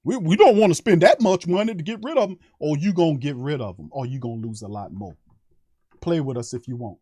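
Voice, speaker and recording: A man rants into a close mic on a sports live stream. His voice sits fairly high and sounds dry, with no room echo. He talks in a heated, emphatic, profane way and keeps repeating his points. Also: expressive, fast talker, dark tone. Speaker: sports podcast host. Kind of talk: fired-up fan rant on a live stream.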